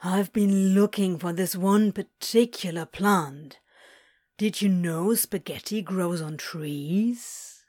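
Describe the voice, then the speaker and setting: A woman voicing an awkward, sulky male demon who drawls and mumbles slowly. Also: on the low side, darkish tone, no room sound. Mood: insistent.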